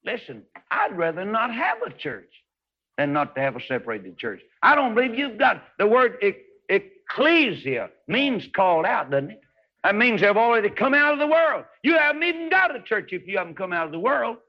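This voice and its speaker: A man preaching a fervent sermon, swinging between loud rising highs and hushed low passages. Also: very animated, brisk. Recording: dull lo-fi old recording.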